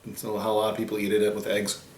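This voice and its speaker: A man's voice: fairly low pitch, completely flat delivery, fast, darkish tone, reverberant, a little hiss or hum. A man hosting a food tasting video in casual chat, explaining facts he reads off the packaging. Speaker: host of a food challenge channel.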